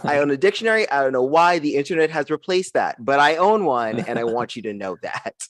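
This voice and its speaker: A man's voice: on the high side, fairly quick, no room sound. A young man performs stand-up comedy into a video-call mic, his voice leaping all over the place as he drives toward each punchline. He sounds close and dry, with no room around him. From United States. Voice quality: animated, punchy delivery with frequent laughs. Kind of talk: stand-up set on a live stream.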